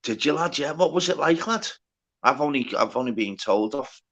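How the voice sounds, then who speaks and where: A man hosting a casual livestream chat, swearing a lot and talking in quick bursts full of filler words. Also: medium pitch, lively intonation, a bit bright. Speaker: livestream host.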